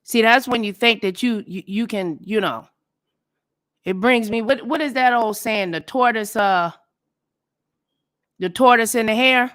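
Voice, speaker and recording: A woman hosting a casual livestream, telling stories and commenting in a blunt, profane, animated way. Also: fairly high pitch, a little slow, long pauses. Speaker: livestream host.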